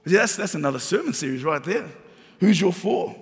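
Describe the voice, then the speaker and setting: Male pastor preaching, raspy high voice, repeats lines for emphasis, big reverberant church. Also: big pitch swings, a little fast. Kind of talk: sermon. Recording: long reverb of a large hall.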